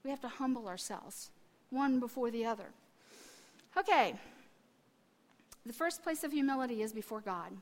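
A woman in her fifties preaching a sermon, telling family stories and swinging between quiet asides and loud, emphatic testifying. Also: a little high, lively intonation, normal speed, pauses often.

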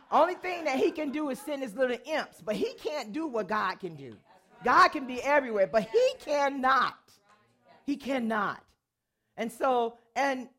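Lively, laughing woman preaching a testimony. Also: fairly high pitch. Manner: dramatic storyteller, laughs often, swings from loud to hushed. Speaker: speaker giving a testimony to an audience. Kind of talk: animated testimony sermon.

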